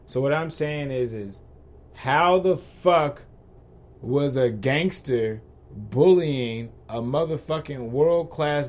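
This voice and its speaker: A man hosting a podcast, ranting in a heated, profane way and repeating rhetorical questions. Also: a little high. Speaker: podcast host. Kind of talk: ranting commentary.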